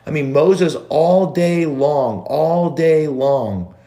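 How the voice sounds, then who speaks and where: A man's voice: a little high, lively intonation, dark tone. A man preaching a sermon, repeating phrases for emphasis. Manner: slow, drawn-out delivery with repeated phrases for emphasis.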